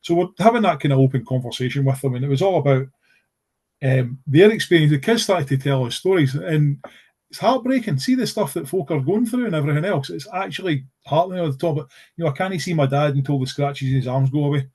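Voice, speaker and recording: A man's voice: a little high, quick pace, a little mellow, husky. Rambling middle-aged Scottish man. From Scotland. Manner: rambling, many fillers and restarts, earnest. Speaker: podcast guest. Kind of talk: casual conversational storytelling.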